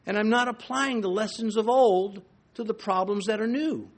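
A man preaching a sermon in an earnest way, building to emphatic repeated phrases and sometimes pausing to restart a thought. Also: high voice. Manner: earnest, rises to emphatic repetitions.

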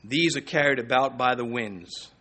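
A man preaching a sermon, reading scripture aloud between bursts of animated delivery, with fillers and restarts. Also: moderate pace. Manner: animated preaching with sudden rises in pitch and loudness. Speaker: pastor.

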